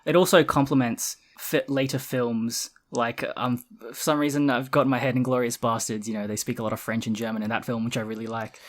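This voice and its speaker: A man's voice: medium pitch, steady tone, brisk, hardly any pauses. A man co-hosting a podcast, talking casually about films in an easygoing, agreeable way with hesitant fillers. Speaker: podcast co-host. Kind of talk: casual film discussion.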